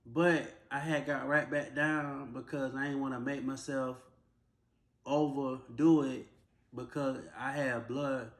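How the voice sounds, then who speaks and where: A young man, telling a personal story in a plain, casual, drawn-out way. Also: medium pitch, fairly bright tone, reverberant. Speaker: vlogger.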